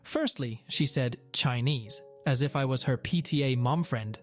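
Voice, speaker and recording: Young man narrating a story over soft music. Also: mid-range voice, normal speed.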